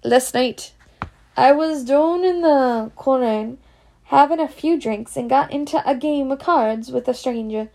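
Woman reading a part as a gruff Scots gamekeeper, big and kindly, raised pitch, some gravel. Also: measured pace, a little mellow. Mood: offhand. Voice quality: Scots dialect words, gruff and drawn out.

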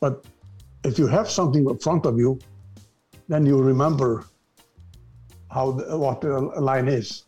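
Older Icelandic guest, non-native English, mellow low-toned voice, stop-start phrasing, faint music bed. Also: male voice. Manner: halting, repeats words while searching for English. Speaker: guest actor. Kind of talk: casual interview chat.

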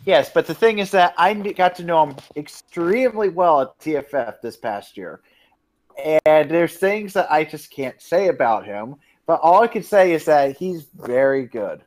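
A man co-hosting a casual live-stream podcast, jokey and excitable. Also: fairly high pitch, moderate pace. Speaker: podcast co-host.

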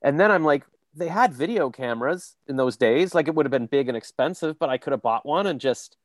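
Animated man chatting, dry sound. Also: on the high side, brisk, no echo. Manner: animated storyteller, slips into character voices. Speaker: voice actor. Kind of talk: casual chat.

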